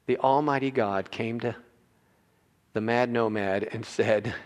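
A man preaching a sermon as a pastor, animated and acting out characters in his telling. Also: mid-range voice, unhurried, pauses often. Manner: animated, acts out biblical characters with voices. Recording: reverberant hall.

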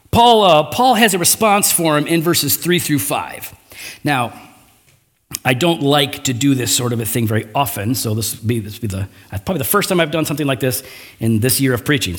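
A man preaching a sermon in a casual, conversational way, with slang asides and acted-out quotes from scripture. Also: medium pitch. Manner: animated, acting out biblical quotes in raised voice. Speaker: pastor.

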